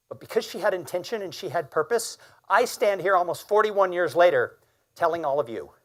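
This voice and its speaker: Man in his fifties, keynote speaker, earnest storytelling, slightly higher voice. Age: 50s. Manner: earnest personal storytelling, emphatic. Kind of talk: keynote speech.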